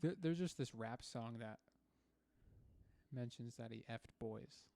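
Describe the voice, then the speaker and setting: Young male co-host, gravelly mid-pitched voice, easygoing, laughs a lot. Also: slow, mellow. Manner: easygoing, laughs often, says dude and bro. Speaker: podcast co-host. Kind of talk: casual chat.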